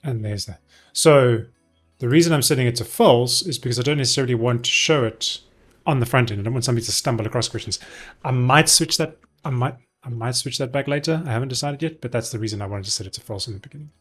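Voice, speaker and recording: A man's voice: medium pitch, fast talker, few pauses, a bit bright, soft background music. A man live-streaming a coding session, explaining his steps casually as he thinks aloud with frequent ums and self-corrections.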